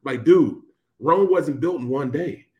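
A man's voice: on the high side, unhurried, a little mellow, dull audio. Laid-back sports radio co-host man. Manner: laid-back, peppers talk with "man" and "bro". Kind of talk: casual sports radio chat.

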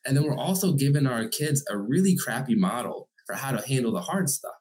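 A man's voice: mid-range voice, animated, brisk, a little mellow. A man who coaches single parents speaks earnestly and emphatically as a guest in a conversational interview.

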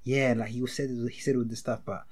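A man's voice: mid-range voice, steady tone, darkish tone, husky. A young man, co-hosting a podcast in casual, teasing chat over a video call. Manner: teasing, quick, breaks into laughter. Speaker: podcast co-host.

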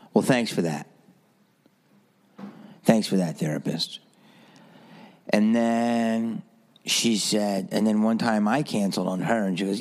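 A man's voice: lowish voice, slow pace, pauses often, darkish tone. A man hosting a solo podcast, rambling through stories with a sarcastic edge. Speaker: podcast host.

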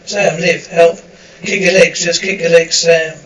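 A man's voice: fairly high pitch, little pitch movement, measured pace, a bit bright. A man reading the lines of a frantic young woman who is trying to save a friend, in an urgent, pleading way. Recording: roomy, distant, muffled recording.

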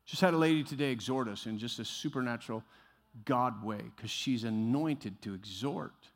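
A male pastor preaching a sermon, shifting from quiet musing to loud exhortation and acting out the voices he quotes. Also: mid-range voice, moderate pace. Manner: acts out quoted voices, laughs at himself. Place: church sanctuary. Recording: long hall reverb.

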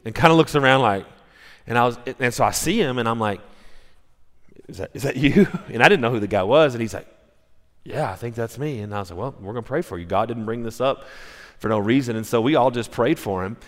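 A man's voice: mid-range voice, fast talker, fairly bright tone. A male pastor preaching a sermon, telling stories in a conversational way with frequent restarts. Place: church sanctuary. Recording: long reverb of a church hall.

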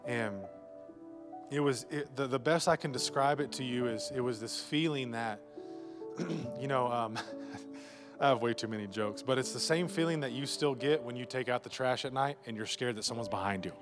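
A man's voice: mid-range voice, normal speed, music in the background. Joking male pastor preaching live. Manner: joking, asks rhetorical questions to the congregation. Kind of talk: live sermon. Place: church sanctuary before a congregation.

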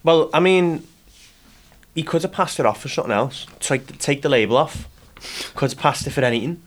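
Deadpan young man teasing. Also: fairly high pitch, moderate pace. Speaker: podcast guest. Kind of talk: casual chat.

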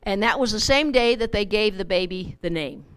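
A woman's voice: mid-range voice, animated, normal speed, fairly bright tone, clear, resonant tone. A middle-aged woman teaching a Bible study in a chatty, informal way, repeating words as she goes.

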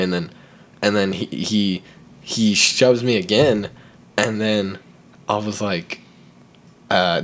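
A young man hosting a podcast, telling a long casual story full of fillers and acting out the voices of the people in it. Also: fairly low pitch. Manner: rambling, full of fillers, acts out the voices in his stories. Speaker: podcast host.

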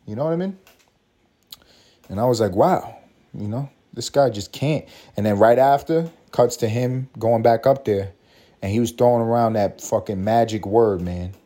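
A man's voice: fairly low pitch, normal speed, dark tone. A man hosting a podcast, ranting in a profane, mocking, storytelling way. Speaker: podcast host. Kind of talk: profane comedic rant.

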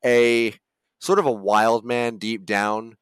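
A male voice actor chatting casually as a podcast guest, relaxed and rambling. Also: mid-range voice, slow pace, clean tone, no echo. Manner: relaxed, rambling, full of fillers and restarts.

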